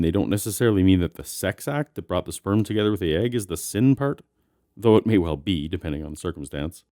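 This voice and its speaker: A man giving calm explanatory commentary in a reaction video. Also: deep voice, no room sound, studio quality.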